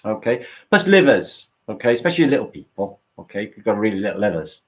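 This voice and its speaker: A man's voice: lowish voice, sing-song, quick pace. A man hosting a late-night livestream, rambling and swearing as he chats with his viewers and answers their comments. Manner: rambling, sweary, chatty with the audience. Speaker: livestream host.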